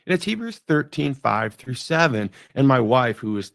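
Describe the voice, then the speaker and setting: Middle-aged male devotional host, gravelly, dry close sound, reflective and conversational, trailing off softly. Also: medium pitch, sing-song, moderate pace, dry recording. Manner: musing, conversational, trails off quietly.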